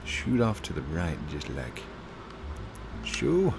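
A man hosts a casual gameplay session, keeping up a chatty, teasing commentary and laughing often. His voice sits low but swings widely and expressively. Steady background noise runs under the home gaming mic. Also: slow pace, vocal fry. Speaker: gaming video host.

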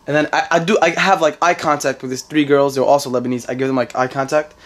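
Fast-talking young New York man rambling. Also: medium pitch, fairly even intonation. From United States. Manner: rambling, repeats himself, laughs often. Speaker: vlogger. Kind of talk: casual storytelling vlog.

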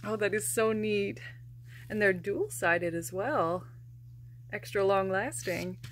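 A woman hosting a casual unboxing vlog, gushing and emotional, often breaking into soft laughter. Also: mid-range voice, slow pace, slight background noise. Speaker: plush collector vlogger.

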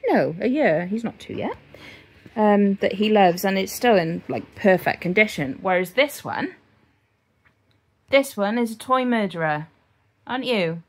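A woman with a medium-pitched voice vlogs about crochet at normal speed, chatting casually and rambling to the camera while often talking sing-song to her dogs.

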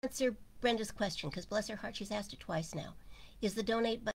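A woman giving an informal spiritual talk, speaking slowly and musing aloud, often sinking to a near whisper. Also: mid-range voice. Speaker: spiritual teacher.

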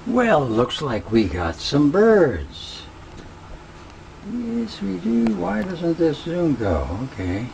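Folksy, slow-talking man narrating. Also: on the high side, huge pitch swings, vocal fry, darkish tone, a little hiss or hum, rough recording. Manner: folksy and playful, slips into preaching. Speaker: video host. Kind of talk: casual narrated home video.

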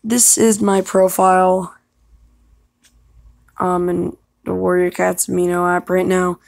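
Woman vlogger, slow and rambling, strong fry, dry close sound. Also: fairly low pitch, little pitch movement, a little mellow, dry recording. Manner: rambling, hesitant, many pauses. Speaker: voice actor vlogger. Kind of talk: casual vlog chat.

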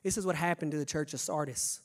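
Man, young adult, sermon, lively stammering delivery, high pitch, long hall reverb. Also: quick pace. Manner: energetic preaching with stammered restarts, swings from quiet to shouting. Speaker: pastor. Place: church sanctuary.

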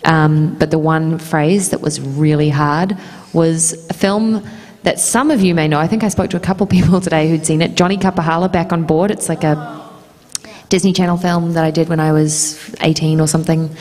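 Woman, New Zealand accent, low voice, chatty panel talk, echoing convention hall. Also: fairly even intonation, normal speed, a little mellow. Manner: chatty, laughs often. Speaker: panel guest actress.

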